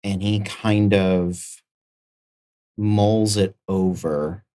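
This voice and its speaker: A man's voice: lowish voice, steady tone, drawn-out words, mellow, slight background noise. A man narrating as game master of a live-streamed tabletop game, rambling loosely with many fillers.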